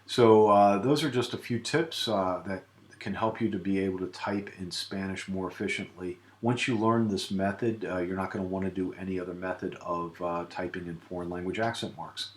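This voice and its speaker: A man giving a relaxed screen-recorded software tutorial, with many filler sounds. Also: sits low, moderate pace, roomy sound. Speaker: tutorial presenter.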